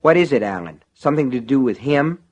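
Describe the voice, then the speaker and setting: A man's voice: medium pitch, expressive, fairly quick, lightly acted. A man voicing a hot-tempered small-town deputy who talks in a heated, growling way in an audiobook. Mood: concerned. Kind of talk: audiobook character voice.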